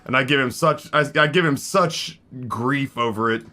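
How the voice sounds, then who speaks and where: A man's voice: medium pitch, moderate pace, sharp tone. A man in his forties chatting live with his stream viewers, rambling, swearing and greeting people in chat by name. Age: 40s.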